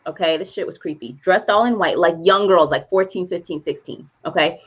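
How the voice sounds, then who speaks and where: A woman co-hosting a podcast who retells a movie plot in casual chat, animated and laughing as she goes. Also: lowish voice, brisk, breathy edge, muffled recording. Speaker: podcast co-host.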